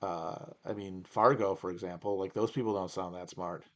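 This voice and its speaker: A man's voice: sits low, fairly even intonation, moderate pace, a bit bright. A man hosting a livestream Q&A from his home region in the upper Midwest, talking in a rambling, wry, opinionated way with many restarts. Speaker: podcast host. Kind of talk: livestream Q&A chat.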